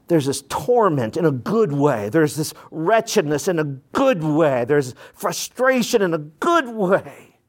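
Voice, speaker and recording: A man preaching a sermon to his congregation, animated and folksy, jumping between loud bursts and low asides and slipping into quick voices to act out the people he talks about. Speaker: pastor.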